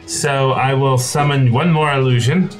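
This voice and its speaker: A man playing a tabletop game, talking casually with many pauses and restarts. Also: mid-range voice, fairly even intonation, music in the background. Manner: halting, lots of fillers and restarts. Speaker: player.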